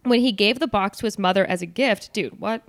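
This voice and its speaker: A woman's voice: mid-range voice, moderate pace, slight background noise. A woman hosting a casual chat, reading out stories in a loose, joking way with fillers and asides. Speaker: podcast host.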